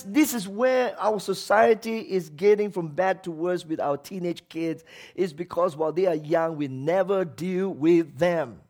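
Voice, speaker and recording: A man preaching a sermon as pastor, emphatic, asking the congregation rhetorical questions and acting out quoted voices. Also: sits high.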